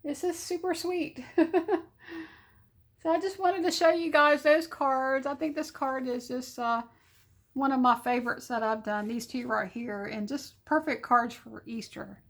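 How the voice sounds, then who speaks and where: A woman's voice: high-pitched, steady tone, measured pace, fairly bright tone. A woman, hosting a crafting vlog at home in a bubbly, giggly way. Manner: bubbly, giggly, sweet-talking. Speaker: papercraft channel host. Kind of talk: casual vlog chat.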